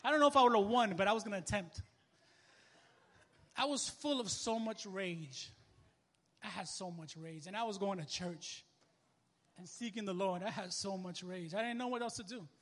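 A young man preaching a sermon as a minister, telling a story in casual, animated street talk. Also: high voice, moderate pace, long pauses, big-room sound.

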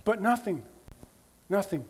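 High-voiced pastor preaching casually. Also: male voice, expressive, unhurried, darkish tone, husky. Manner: conversational preaching, frequent "right?" asides. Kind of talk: sermon.

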